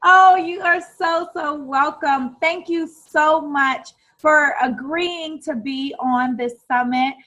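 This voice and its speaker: A woman's voice: sits high, steady tone, takes it slowly, sharp tone, poor audio. An American woman hosting an online summit, gushing with enthusiasm and repeating words for emphasis. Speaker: summit host. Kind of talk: enthusiastic interview introduction.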